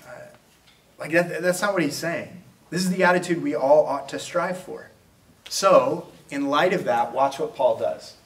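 A man's voice: mid-range voice, moderate pace. A man preaching a sermon as a pastor, talking in a conversational way and acting out quoted exchanges. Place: church auditorium. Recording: roomy, from a distance.

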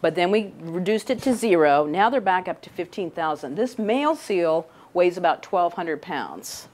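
A woman's voice: on the low side, expressive, moderate pace, a little mellow. A middle-aged woman scientist giving a casual, chatty talk to young people indoors, often checking in with "right?". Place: indoor room with a couch.

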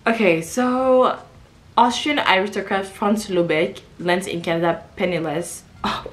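A woman vlogger chatting casually through a book haul, reading back covers aloud and reacting with quick exclamations. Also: fairly low pitch, lively intonation, a little hiss or hum.

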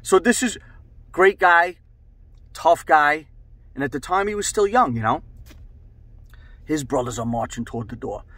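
A middle-aged man and show host telling a rambling, profane story in a casual, animated way. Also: a little high, measured pace, long pauses, dry recording.

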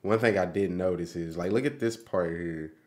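Man, very deep voice, casual music reaction commentary, laid-back. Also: normal speed, background noise. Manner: laid-back, says "bro" a lot, chuckles. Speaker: reaction video host.

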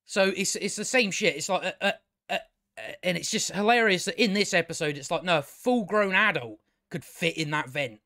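Man, higher voice, casual rambling rant, sarcastic, swears a lot, dry close sound. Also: animated, a little fast, bright, forceful tone, no room sound. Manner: exasperated, sarcastic, swears a lot, many restarts. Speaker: video reviewer.

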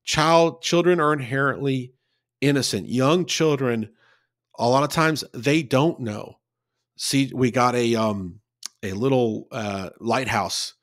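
A man's voice: mid-range voice, slow, a bit bright, dry recording, clean studio sound. Earnest folksy Bible teacher, man.

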